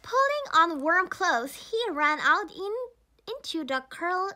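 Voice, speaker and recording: A woman with a Korean accent reads a children's storybook aloud in a high, bright voice. She goes slowly and carefully, often correcting small slips as she reads. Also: big pitch swings. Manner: careful reading with frequent small slips and restarts.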